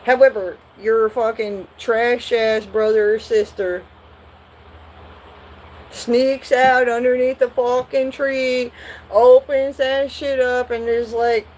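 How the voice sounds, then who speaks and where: A woman's voice: fairly high pitch, fairly even intonation, slow, darkish tone, slight background noise, rough recording. A woman doing a live tarot reading, talking bluntly and profanely in a rambling way. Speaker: tarot reader.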